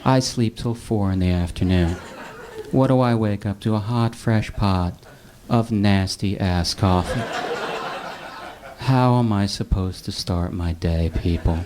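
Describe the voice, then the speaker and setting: A man doing a stand-up comedy set on stage with a dry, deadpan delivery. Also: fairly low pitch, slow, background noise. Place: comedy club stage before a live audience.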